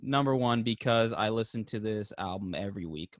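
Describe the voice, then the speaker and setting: A young man co-hosting a casual podcast, swearing freely, laughing often and talking with animated energy. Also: on the low side, fairly quick, no echo. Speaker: podcast co-host.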